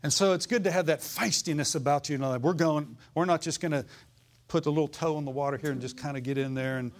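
A man's voice: on the high side, fast. A pastor preaching to his church. He is folksy and fiery and keeps asking the congregation for an amen. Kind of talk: sermon.

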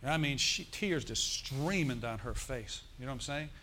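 A man's voice: medium pitch, animated, moderate pace, pushed and bright, slight background noise. A middle-aged male pastor preaching a sermon in a church, telling a story with emphatic bursts.

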